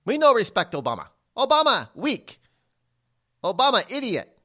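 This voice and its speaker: A man's voice: extremely high pitch, wildly swooping pitch, moderate pace, bright, forceful tone, voice pushed up, full character voice. A man putting on a blunt Chinese-accented official. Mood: mocking. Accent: Chinese, exaggerated. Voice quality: broken clipped phrases.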